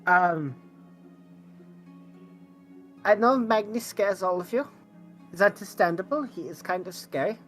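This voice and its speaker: A woman's voice: medium pitch, expressive, unhurried, long pauses, faint music behind, lightly acted. A woman voicing a stiff male robot blacksmith who makes clipped, formal speeches in a tabletop game. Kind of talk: tabletop role-play in character.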